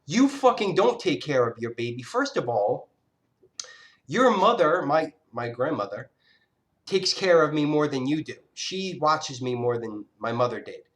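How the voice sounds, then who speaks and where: A man's voice: fairly high pitch, lively intonation, measured pace, fairly bright tone. A man telling a personal story in an angry, profane, scattered rant, often restarting his sentences. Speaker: vlogger. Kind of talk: casual storytelling monologue.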